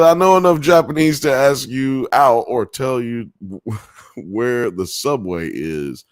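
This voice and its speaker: A man with a lowish voice hosts a live podcast in a loose, unhurried way. He reads chat comments aloud, rambles, swears freely and laughs often, with a dry, close sound. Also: no room sound. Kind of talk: casual live-stream chat.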